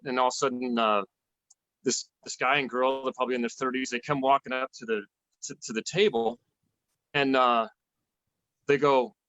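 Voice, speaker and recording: A man's voice: medium pitch, fairly bright tone, no echo, lo-fi sound. A man in a band telling a rambling, laughing anecdote with many restarts. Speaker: band musician. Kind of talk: casual storytelling.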